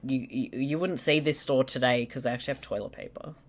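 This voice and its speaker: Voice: mid-range voice, fairly even intonation, fast talker, a crowd in the background. A co-host in a casual movie commentary, teasing and swearing casually. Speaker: podcast co-host.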